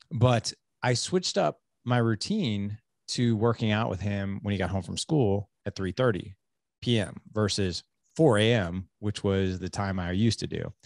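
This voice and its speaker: A fairly low-pitched man in his forties hosts a podcast in easy conversational chat. He talks in lively bursts, doubling back on words and checking in with "right?" The recording is dry and close, with no room sound. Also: no echo. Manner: animated, many restarts and "like", "right?". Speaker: podcast host.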